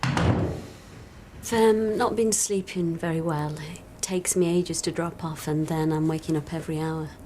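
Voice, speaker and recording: A woman's voice: sits low, steady tone, measured pace, background noise. An actress playing a tired, sleepless woman, talking hesitantly with sighs, in a television drama. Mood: weary. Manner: hesitant, sighing, wry. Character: weary insomniac woman, soldier's wife. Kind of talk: TV drama acting.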